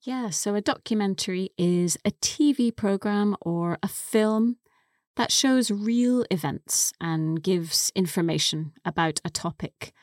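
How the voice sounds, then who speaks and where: A woman co-hosting a podcast English lesson, explaining words slowly and carefully into a close studio mic. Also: medium pitch, no room sound. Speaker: co-host and English teacher.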